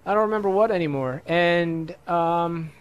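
A man casually commenting on his own gameplay, excitable and swearing a lot, with a slightly hoarse voice. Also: fairly high pitch, normal speed. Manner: excitable, swears a lot, sudden loud outbursts. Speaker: let's play gamer.

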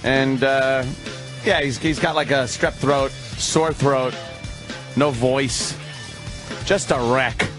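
A man hosting a radio show, bantering loudly and cracking jokes. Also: medium pitch, slow, pauses often, music in the background. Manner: loud, mock-energetic, joking.

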